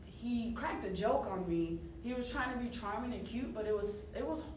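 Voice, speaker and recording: A woman's voice: on the high side, lively intonation, normal speed. A woman in her thirties, a wrestler chatting as a radio interview guest, talking with lots of fillers and laughs. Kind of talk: casual radio interview chat. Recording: roomy, distant mic, noisy background.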